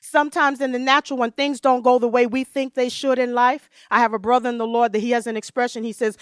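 A woman's voice: on the high side, flat delivery, clear, resonant tone, no room sound. Dramatic woman preacher, dry sound. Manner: dramatic, swinging from loud emphasis to soft hushed tones; reads scripture slowly and deliberately. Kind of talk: sermon.

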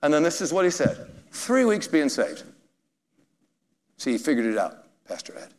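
A man preaching a sermon, telling a story with animated, chuckling emphasis, heard in an echoey hall. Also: fairly high pitch, normal speed.

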